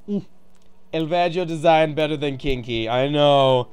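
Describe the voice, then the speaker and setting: A streamer giving casual live commentary while playing, goofy and rambling, greeting viewers and breaking into sudden excited shouts. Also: medium pitch, moderate pace, smooth, soft background music. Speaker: game streamer.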